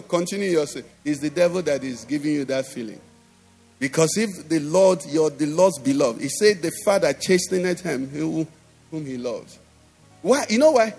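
A man's voice: sits high, a little mellow, breathy edge. A middle-aged man with a Nigerian English accent, preaching a sermon in a church, emphatic and constantly asking the congregation if they understand. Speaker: pastor.

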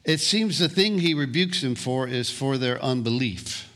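Slow, deliberate male pastor preaching. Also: mid-range voice, animated, fairly bright tone. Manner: slow, deliberate, repeats words as he restarts. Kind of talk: sermon.

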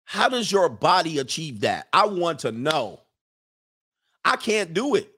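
A man's voice: a little high, sing-song, a little slow, fairly bright tone, breathy edge. A man hosting a casual livestream, reading viewer comments and rambling through blunt opinions with frequent laughs.

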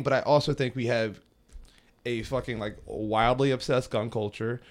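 A young American man chatting casually and swearing freely as he tells his stories. He slips into exaggerated, mocking voices whenever he quotes someone. His pitch sits at an ordinary middle height for a man. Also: normal speed. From United States. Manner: profane, animated storytelling with mocking voices. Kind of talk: casual chat.

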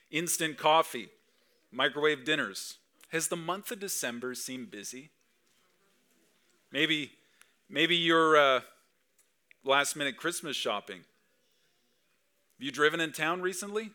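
A man's voice: a little high, pushed and bright. A man preaching a Christmas Eve sermon in a church service, chatty and full of rhetorical questions to the crowd. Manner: conversational, asks the crowd lots of rhetorical questions. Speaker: pastor.

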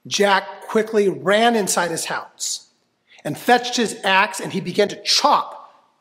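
A man's voice: high voice, animated, slow, bright, forceful tone. A man reading a fairy tale aloud expressively, inviting listeners to join in. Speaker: storyteller. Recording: long hall reverb.

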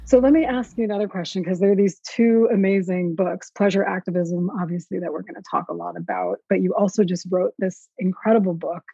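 A woman hosting a casual interview, gushing and warm, with many fillers. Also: medium pitch, a little fast, few pauses, breathy edge, no room sound, dull audio. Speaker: host.

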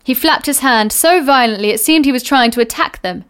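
Woman narrator, audiobook reading, measured and unhurried, smooth clear tone, slightly high voice. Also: fairly bright tone. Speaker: reader.

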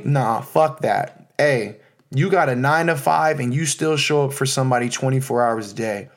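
A man's voice: mid-range voice, fairly even intonation, a little fast. Heartfelt American man hosting his podcast. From United States. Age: 30s. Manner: heartfelt, loose and rambling, with many fillers. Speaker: podcast host. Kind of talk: casual solo podcast monologue.

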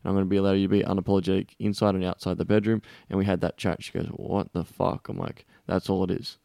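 A man, hosting a podcast in casual chat, telling stories quickly and swearing freely. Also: low voice, little pitch movement, gravelly, dark tone, no room sound, clean studio sound. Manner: fast, swearing, storytelling. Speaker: podcast host.

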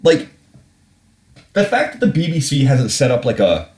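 A blunt British podcast host, heated and profane, venting in casual commentary. His pitch swings widely as he talks, rising sharply when he is exasperated. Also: huge pitch swings, moderate pace, darkish tone.

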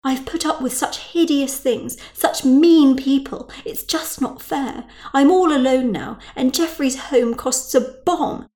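A woman's voice: medium pitch, normal speed, a little mellow, lightly acted. A woman doing a whiny, snobbish mother. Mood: complaining. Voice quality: whiny, plaintive, grumbling. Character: self-pitying, snobbish middle-aged mother.

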